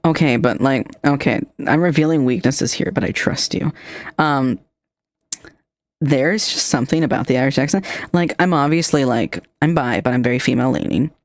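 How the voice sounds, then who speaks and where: A woman's voice: a bass voice, normal speed, no room sound. Playful Minnesotan woman streamer, dry mic. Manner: bubbly, flirty, self-mocking, drops into whispers. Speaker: streamer host. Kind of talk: casual stream chat.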